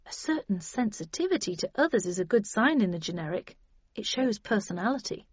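A woman's voice: medium pitch, sing-song, brisk, breathy edge, no room sound, highs cut off. A woman reading a first-person story aloud, in a dry, wry manner. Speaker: audiobook narrator. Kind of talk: scripted first-person narration.

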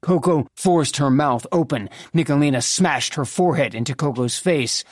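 A narrator reading a fantasy novel in the first person, in a measured, even storytelling manner. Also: medium pitch, no echo, studio quality. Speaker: audiobook narrator.

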